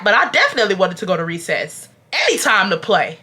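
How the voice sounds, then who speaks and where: A YouTube storyteller, a young woman with a bright, forward voice, chats animatedly through a casual storytime, calling her viewers "y'all" despite being sick and unwell. Her medium-pitched voice moves at a quick pace and sounds slightly rough.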